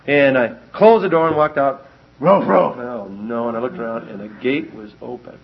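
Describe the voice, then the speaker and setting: A man preaching a sermon, telling stories with lively animation and repeating lines for emphasis. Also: mid-range voice, normal speed. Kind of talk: sermon with personal storytelling. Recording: dull lo-fi recording.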